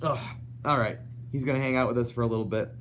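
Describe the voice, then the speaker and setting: A man's voice: medium pitch, steady tone, fast, a bit bright, slight background noise. A young man hosting a casual live stream. He rambles and reads viewer comments aloud. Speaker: host.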